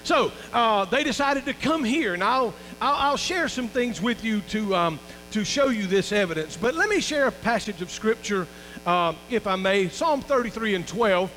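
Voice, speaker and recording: A man's voice: high-pitched, expressive, normal speed, fairly bright tone, big-room sound, slight background noise, rough recording. A man who is lead pastor, preaching a folksy sermon to his congregation and calling for amens. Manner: folksy preaching, calls for amens, restarts and fillers. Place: church sanctuary.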